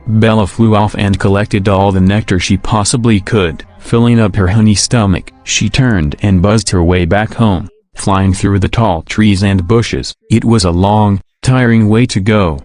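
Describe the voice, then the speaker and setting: Low-voiced man narrating a storybook. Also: fairly even intonation, measured pace, hardly any pauses, darkish tone, soft background music.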